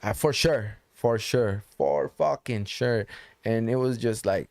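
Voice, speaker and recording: A man's voice: fairly low pitch, unhurried, creaky, darkish tone, smooth, no echo. A man telling a personal story in casual conversation, loose and profane, repeating phrases for emphasis.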